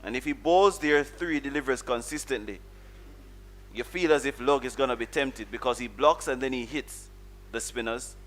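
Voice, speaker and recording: Male co-commentator, Caribbean accent, mid-pitched, steady and analytical. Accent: Caribbean English. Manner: measured, explains tactics. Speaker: cricket analyst. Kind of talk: live colour commentary.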